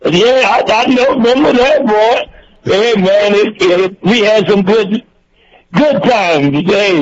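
An older man from Georgia calls in with a fairly high voice. He rambles through old memories in a relaxed, repetitive way. The call sounds dull and lo-fi. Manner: warm-hearted storyteller, repeats himself. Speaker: radio caller. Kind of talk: casual reminiscing chat.

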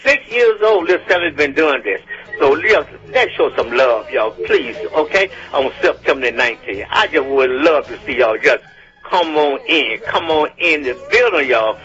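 A man hosts a gospel radio program with a lively, rising-and-falling delivery and a bright, forceful edge. He pleads with his listeners and says "y'all" again and again. The sound is dull and lo-fi, like an old radio broadcast, with faint music underneath. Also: fairly high pitch, normal speed. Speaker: radio host.

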